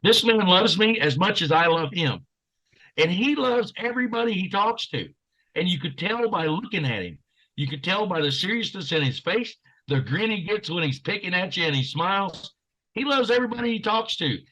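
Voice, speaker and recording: Bright, earnest male podcast guest. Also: sits high, lively intonation, normal speed, poor audio. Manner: earnest, heartfelt, preacher-like. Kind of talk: casual podcast chat.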